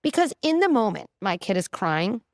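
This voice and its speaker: Animated psychologist woman explaining. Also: medium pitch, normal speed, dry recording, studio quality. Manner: animated, explanatory, frequent "like" and "right?". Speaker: clinical psychologist, podcast guest. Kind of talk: conversational interview.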